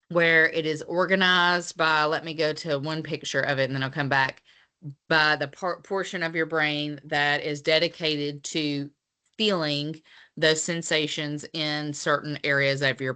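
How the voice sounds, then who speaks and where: A woman's voice: sits low, bright, forceful tone, clear, resonant tone. A woman teaching physical therapy students in a casual lecture, with lots of fillers as she explains.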